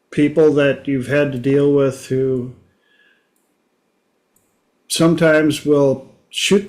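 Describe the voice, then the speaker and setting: Slow folksy man hosting a talk show. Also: fairly high pitch, a little mellow. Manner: folksy, unhurried, storytelling. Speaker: podcast host. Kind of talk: casual monologue.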